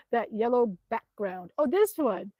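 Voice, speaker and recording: Woman livestreamer, unhurried, chatty, laughs a lot, dry close sound. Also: fairly high pitch, expressive, dark tone, no echo. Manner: chatty, laughs often, mutters to herself while tapping through her screen. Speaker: vlogger reading live chat comments. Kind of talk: casual livestream chat.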